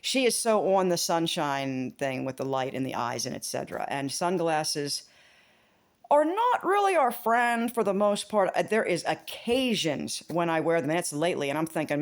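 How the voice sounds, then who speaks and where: Woman, casual vlogger; loose, rambling, profane, quick to laugh, with wide pitch jumps. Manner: rambling, swearing, laughing, big pitch swings.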